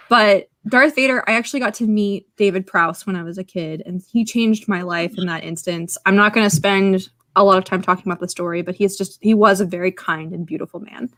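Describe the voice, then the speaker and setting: A woman co-hosting a podcast in casual chat, excitable and chatty, stringing her stories together with lots of "like". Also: medium pitch, dry recording. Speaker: podcast co-host.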